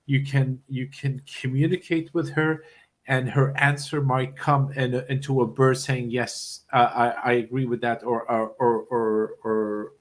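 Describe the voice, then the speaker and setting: Man, psychic medium, live reading, halting, repeats words, emotional, mid-pitched.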